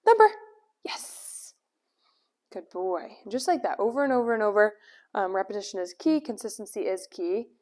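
Speaking in a mid-range voice, a woman trainer casually demonstrates with her dog at home. Calm explanations alternate with cheerful name calls and brief praise, all picked up indoors by a distant camera.

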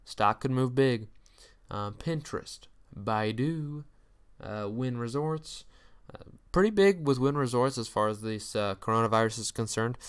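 A man's voice: lowish voice, smooth. A man running through stock earnings in casual solo commentary, joking, ranting at companies and then apologizing. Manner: chatty, jokey, apologizes for mock rants. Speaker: stock market YouTuber.

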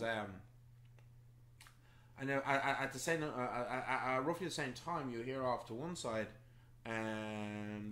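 A man narrating a tabletop game as game master, pausing often with ums as he describes scenes. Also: mid-range voice, fairly bright tone, roomy sound. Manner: hesitant, many ums while describing scenes.

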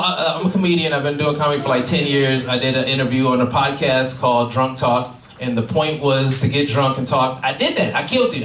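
A man doing a stand-up comedy set, telling profane, animated stories with exaggerated voices to a live audience. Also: a little high. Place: cannabis club comedy show before a live audience. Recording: roomy live room, distant mic, crowd laughter.

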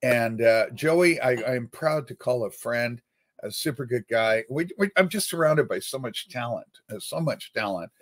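A man's voice: mid-range voice, expressive, normal speed. A man hosting a casual livestream, rambling and reading viewer comments aloud with playful, theatrical outbursts. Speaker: livestream host.

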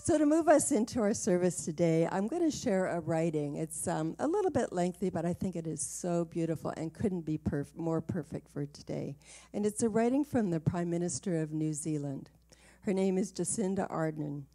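A woman minister opening a livestreamed church service, chatty and laughing easily. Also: fairly low pitch. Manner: chatty and warm-hearted, laughs easily, light fillers. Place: small home worship space.

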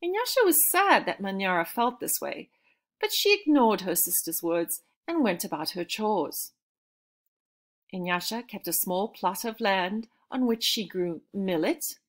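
A woman reading a children's story aloud in a calm, measured way. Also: mid-range voice.

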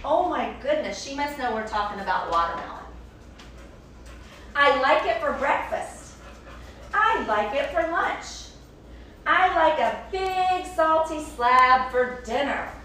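A woman with a high voice speaks slowly as she hosts a children's show, reading a picture book aloud with animated playfulness and chatting with a puppet and the young viewers. The recording has an echoey room, a distant mic and a faint hiss.

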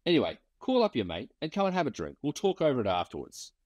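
A man's voice: medium pitch, huge pitch swings, quick pace, darkish tone, no echo, studio quality, pitched above the performer's own voice. A man voicing a kindly country publican speaking firmly in a storybook reading. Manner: firm but kindly.

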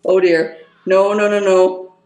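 A woman hosting an anime reaction video, gushing with excited exclamations and shrieks. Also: medium pitch, slow. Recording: roomy echo.

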